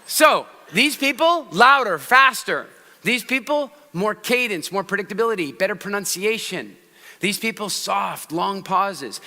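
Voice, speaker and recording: A man giving a live talk on public speaking to an audience, swinging between loud, fast bursts and soft, slow passages. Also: high voice, animated. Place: large event hall. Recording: long reverb of a large hall.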